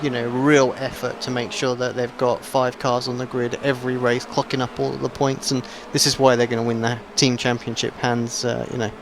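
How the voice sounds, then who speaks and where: A man gives easygoing, conversational race analysis, with fillers between thoughts. His voice is of middling pitch. Loud race car engines run behind him. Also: little pitch movement, brisk, few pauses, background noise. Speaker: race commentator. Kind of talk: live sim racing colour commentary.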